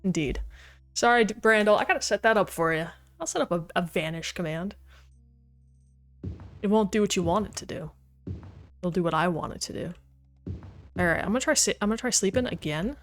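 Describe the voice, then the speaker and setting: A woman livestreams a game and talks easily to her viewers between moves, her voice sitting at a middle pitch. She laughs often and reacts out loud to what happens on screen. Quiet game music plays underneath her. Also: lively intonation, a little fast, long pauses. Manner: chatty, talks to chat while playing, laughs often. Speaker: streamer. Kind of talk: casual livestream gaming chat.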